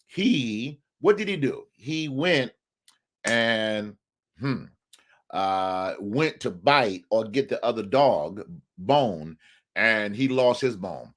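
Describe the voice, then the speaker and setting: A man's voice: fairly low pitch, expressive, slow, fairly bright tone. A man hosting a live relationship show, talking emphatically and often asking the viewers questions. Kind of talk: live talk on marriage, preacher-like.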